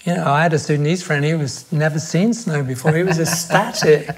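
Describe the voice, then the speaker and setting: An older man, a podcast guest speaking thoughtfully in reflective conversation, pausing and restarting his sentences. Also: fairly high pitch, fairly even intonation. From England.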